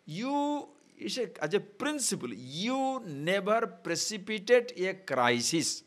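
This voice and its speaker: In a high voice, a man teaches on scripture slowly and with hardly any pauses. As a spiritual teacher, he stays animated and repeatedly poses rhetorical questions to those listening.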